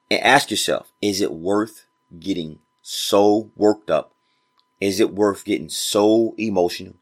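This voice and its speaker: His voice is fairly low with a bit of brightness. He runs a motivational podcast where he preaches straight to listeners in a casual way, leans on repeated phrases for emphasis, and uses informal grammar.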